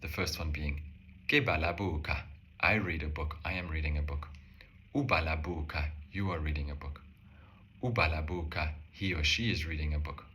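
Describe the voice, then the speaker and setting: Deep, bright-voiced man teaching a language. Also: a little hiss or hum. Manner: calm step-by-step explanation, slowing on example phrases. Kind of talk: explaining a language lesson.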